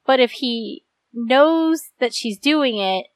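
A woman's voice: a little high, expressive, slow pace, dry recording. A woman co-hosting a podcast in casual chat, hesitant and apologetic. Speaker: podcast co-host.

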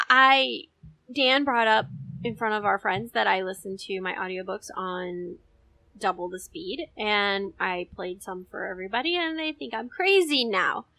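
A woman's voice: mid-range voice, gravelly, sharp tone. A woman co-hosting a podcast, chatting casually and laughing easily. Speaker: podcast co-host. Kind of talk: casual chat.

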